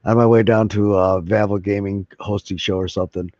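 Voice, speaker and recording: A man chats to his viewers in a rambling, folksy way, swearing as he goes. His voice sits low and warm. The sound is dry and a little dull, from a lo-fi mic. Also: fairly even intonation, a little fast, no room sound. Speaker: live streamer. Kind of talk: casual chat to viewers.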